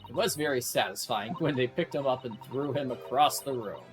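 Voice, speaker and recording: A man's voice: mid-range voice, brisk, music in the background. A man giving casual, jokey commentary over a video game walkthrough. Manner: jokey, animated reactions. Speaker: let's play host.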